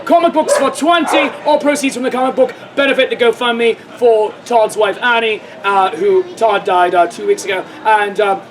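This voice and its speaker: A man performing a comedy show at an outdoor fair stage, loud and playful, bantering with the audience. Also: sits high, moderate pace, few pauses, background noise. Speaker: street performer. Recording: live outdoor audience audible. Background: crowd laughing and cheering.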